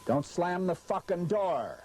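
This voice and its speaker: Cranky guy flubbing his lines over and over, cussing at everyone, bit high-pitched. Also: lively intonation, slow, a little mellow, a little hiss or hum. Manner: short-tempered, cursing constantly, flustered over forgotten lines. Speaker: spokesman filming a promotional video. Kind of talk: outtakes from a scripted promotional shoot. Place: in and around a vehicle on a hot set.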